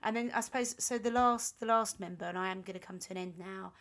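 A woman's voice: mid-range voice, fast talker, fairly bright tone. A woman co-hosting a podcast, recounting a band's history in a rambling, chatty way full of ums and self-corrections. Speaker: podcast co-host.

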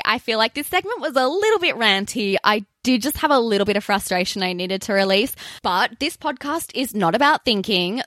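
A woman's voice: mid-range voice, pushed and bright, no room sound, studio quality. A young Australian woman hosting a podcast, chatting casually with sweary, sarcastic asides. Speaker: podcast host. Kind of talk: casual ranting podcast monologue.

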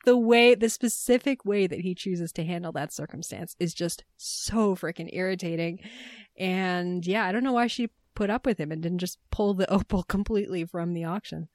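A woman's voice: on the low side, normal speed, a little mellow, no room sound, studio quality. A woman co-hosting a podcast, expressively retelling film scenes in casual chat and mimicking the characters. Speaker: podcast co-host.

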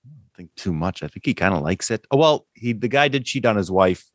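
A man with a fairly low voice, talking in a thoughtful, halting way and often restarting his sentences. He co-hosts a casual film-review chat. The sound is dry and close to the mic. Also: animated, dry recording. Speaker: podcast co-host.

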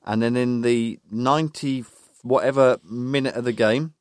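A man's voice: mid-range voice, steady tone, moderate pace, dry recording. A man from England hosting a casual football chat, reeling off match facts with dry jokes. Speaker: podcast host.

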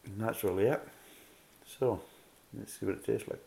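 A man's voice: fairly low pitch, steady tone, normal speed, vocal fry, mellow, roomy sound. A Scottish man giving a casual beer review, ranting bluntly and swearing a lot. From Scotland.

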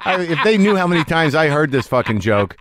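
A man's voice: on the high side, big pitch swings, brisk, noisy background. A man hosting a podcast, asking probing questions in a loose, conversational way and laughing easily. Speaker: podcast host. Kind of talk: casual interview chat.

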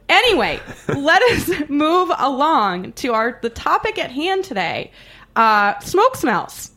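A woman hosting a live podcast, talking quickly and excitedly, laughing often. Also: medium pitch. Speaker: podcast host. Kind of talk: casual chat. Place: studio, live show.

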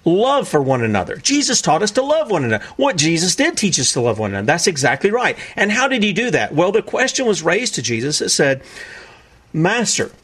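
This man's voice is high, husky, and fast, with few pauses, as he preaches over played clips. Incredulous and animated, he often mimics how other people sound.

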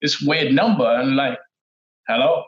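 A middle-aged man with a Trinidadian accent, telling stories as a guest in a relaxed, laid-back way, often laughing. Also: mid-range voice, a little slow. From Trinidad and Tobago. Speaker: guest, former footballer. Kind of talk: casual interview storytelling. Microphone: remote call audio. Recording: dull lo-fi call audio.

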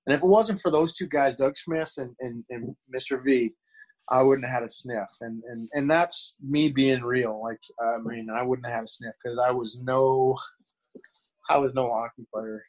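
A middle-aged man talks with a mid-range pitch, sharing candid stories. He rambles, restarting sentences and leaning on fillers. Now and then he acts out the voices of people in his stories. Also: steady tone, normal speed, a little mellow, rough recording. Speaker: guest, former pro hockey player. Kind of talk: casual storytelling.

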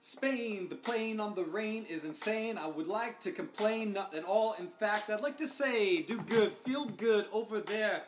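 A man freestyle rapping rhyming shout-outs over a beat, repeating a catchphrase. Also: sits high, measured pace, few pauses, roomy sound, soft background music. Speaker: podcast co-host.

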